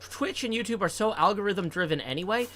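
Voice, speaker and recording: A man streaming a game and chatting casually, rambling with playful deadpan jokes. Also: sits high, fast talker, slight background noise. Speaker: streamer and co-host. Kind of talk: casual chat while gaming.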